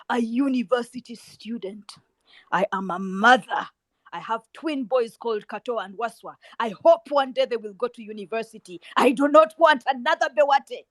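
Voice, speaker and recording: A Ugandan woman speaks with a notably high voice, delivering a fiery address to students. She hammers points home by repeating words and swings from near-whispers to loud, ringing lines. The sound is close and dry, with no room around it. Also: no room sound, rough recording. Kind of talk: impassioned public speech.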